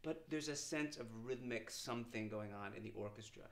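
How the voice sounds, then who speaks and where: A man's voice: medium pitch, normal speed. A middle-aged man, a composer, explains how to perform his score in an informal lesson, breaking into sung lines to demonstrate. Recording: roomy sound with loud piano playing.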